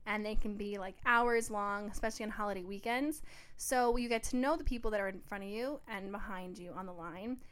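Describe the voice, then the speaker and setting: An American woman co-hosting a podcast, telling a story in a lively, chatty way and laughing often. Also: mid-range voice, brisk, clear, resonant tone. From New York, US. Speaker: podcast co-host. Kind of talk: casual chat.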